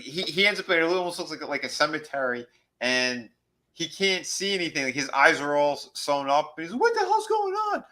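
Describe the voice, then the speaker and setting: A man's voice: mid-range voice, bright, forceful tone, low-quality recording. A man hosting a podcast, casually retelling a story in a rambling way and acting out the characters' lines. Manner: rambling, acts out quoted lines. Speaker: podcast host. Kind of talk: casual recap chat.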